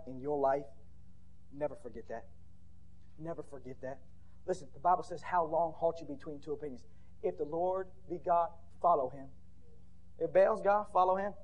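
A man with a notably high voice preaches at a church conference, firing off rhetorical questions one after another. He climbs to shouted peaks. His delivery is a full-blooded revival sermon. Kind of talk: fiery sermon.

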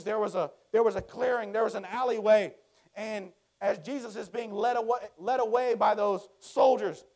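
A man preaching a sermon in a conversational way, swinging from hushed, quiet lines to loud, emphatic ones. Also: high-pitched, vocal fry.

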